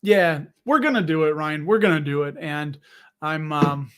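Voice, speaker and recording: A man's voice: a little high, moderate pace, fairly bright tone, clean tone. A young man hosting a casual livestream, talking with viewers in a rambling, jokey way full of fillers and restarts. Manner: chatty, rambling, jokey, with frequent fillers and self-interruptions. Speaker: livestream host reading viewer comments. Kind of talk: casual livestream chat about dividend investing.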